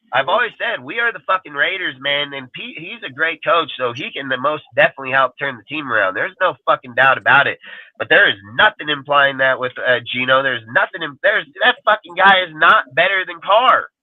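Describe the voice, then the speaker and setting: A man's voice: on the high side, lively intonation, fairly quick. A man ranting hotly in a profane, casual sports-talk style, swearing constantly as he argues. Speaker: podcast panelist. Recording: tinny phone-like line.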